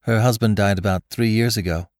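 Guy doing a straight-talking old-maid schoolteacher, voice raised up higher. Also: fairly even intonation, fairly quick, darkish tone, no room sound, clean studio sound, natural voice. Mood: matter-of-fact. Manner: plain-spoken and direct. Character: upright, blunt spinster schoolteacher.

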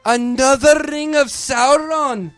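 A man's voice: very high voice, slow, a bit bright, soft background music, pitched above the performer's own voice, full character voice. A man voicing a boastful male hobbit with a put-on Scottish accent, in a theatrical, bellowing delivery. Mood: grandiose.

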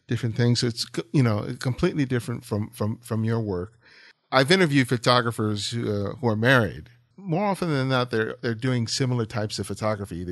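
A man's voice: lowish voice, no echo. A man hosting a podcast interview, asking questions in a conversational, empathetic way with frequent repeated words.

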